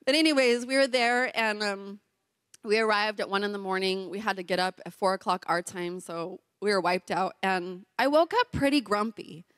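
A woman's voice: medium pitch, moderate pace, clear, resonant tone, no echo, clean studio sound. A middle-aged woman giving a sermon as a pastor's wife, telling a personal story with laughs and acted-out voices. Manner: animated, laughs often, acts out voices in her story.

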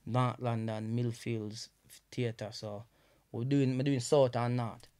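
A man with a Jamaican accent, a guest comedian telling animated stories in patois on a casual podcast, with many restarts. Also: medium pitch, takes it slowly, clean tone.

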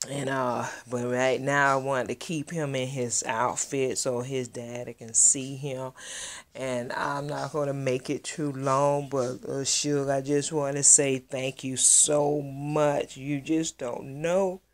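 Slow, gushing woman vlogger. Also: rumbling low, little pitch movement. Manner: gushing, heartfelt and chatty. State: close to tears. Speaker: doll collector vlogger. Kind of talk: casual vlog reveal.

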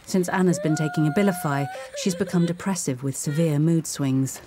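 A woman narrating a documentary in a measured, informative scripted read. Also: low-pitched, background noise. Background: music.

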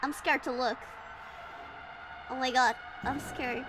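A woman's voice: high voice, steady tone, takes it slowly, noisy background. A woman streaming a horror game, not a native English speaker, talking nervously and swearing when startled. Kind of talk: live horror game playthrough.

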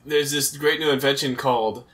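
A man's voice: mid-range voice, steady tone, normal speed, a bit bright. A young man co-hosting a let's play, swearing and laughing through banter. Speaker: co-host.

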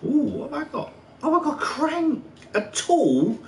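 A man's voice: very high-pitched, big pitch swings, measured pace, creaky, a little mellow, a little hiss or hum. A middle-aged man hosting a livestream, chatting casually while gaming and drinking, laughing and swearing through boisterous banter. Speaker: livestream host. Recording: echoey room with faint ambience.

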